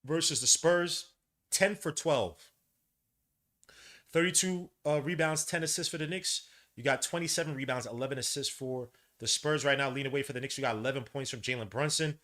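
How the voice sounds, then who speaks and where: A man with a mid-range voice hosts a podcast at normal speed, calling the action live with play-by-play and stats. His commentary bursts out in excitable, frustrated, slangy remarks.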